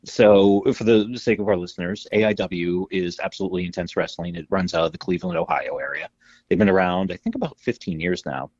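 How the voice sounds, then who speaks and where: Male podcast co-host, low pitch, husky, animated storyteller, casual and profane. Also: fairly quick, no room sound, dull audio. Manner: animated storyteller, acts out quotes, swears freely.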